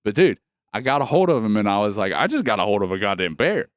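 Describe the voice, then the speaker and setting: A man's voice: lowish voice, very animated, fast talker, dry recording. Profane, laughing man in his thirties. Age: 30s. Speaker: podcast co-host. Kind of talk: casual chat.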